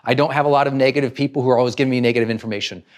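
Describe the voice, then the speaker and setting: A man giving a motivational talk as a personal growth trainer, animated and asking rhetorical questions. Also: mid-range voice, racing. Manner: animated, asks rhetorical questions and acts out examples.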